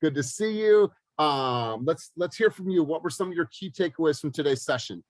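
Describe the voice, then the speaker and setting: A man's voice: fairly high pitch, expressive, moderate pace, no room sound, low-quality recording. Upbeat man leading a coaching call. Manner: upbeat, encouraging, with frequent ums and uhs. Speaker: group coaching leader. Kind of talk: group coaching session chat. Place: video call.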